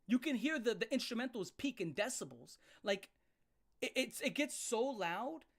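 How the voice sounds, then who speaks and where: A woman with a voice that sits a little high delivers a profane live rant. She is blunt and emphatic, stumbling into restarts and hammering the same point again and again. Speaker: music reviewer ranting on a live stream.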